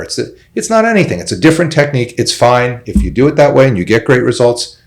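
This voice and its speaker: A man's voice: mid-range voice, fast, few pauses. A middle-aged man, a plastic surgeon guest, talking bluntly and with feeling in a casual podcast conversation. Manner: blunt, animated, opinionated.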